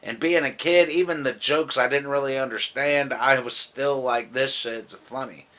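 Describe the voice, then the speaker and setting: A man's voice: mid-range voice, moderate pace, sharp tone. Tipsy, profane man ranting about movies. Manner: loose, rambling and profane, laughing often. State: drunk. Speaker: movie vlogger. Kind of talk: casual movie countdown.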